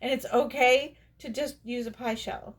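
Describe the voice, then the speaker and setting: A calm husband gently coaxing his upset partner , as a woman acts him out in a vlog story. The voice is soothing, a little higher than a plain speaking voice. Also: moderate pace, natural voice. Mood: reassuring. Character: calm, reassuring ex-husband, adult man.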